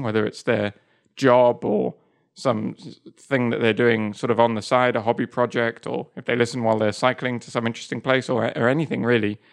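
A man of middle pitch co-hosting a podcast, talking freely in casual chat. He laughs easily and likes to tease his partner. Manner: chatty, laughs easily, teasing. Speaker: podcast co-host.

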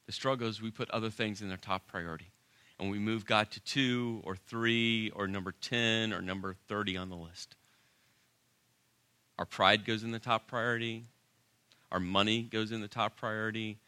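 A male pastor delivers a sermon with emphatic, animated preaching and dramatic pauses. His voice has a very bright, forceful edge. The sound is dry and close. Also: lowish voice, clean tone, dry recording.

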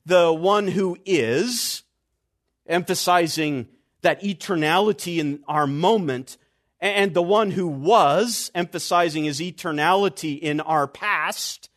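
A man delivers an expository sermon in a fairly high voice. He speaks slowly and deliberately, leaning on key words. His phrases sink low and soft at their close. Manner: slow, deliberate emphasis, dropping low and quiet at phrase ends. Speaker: preacher.

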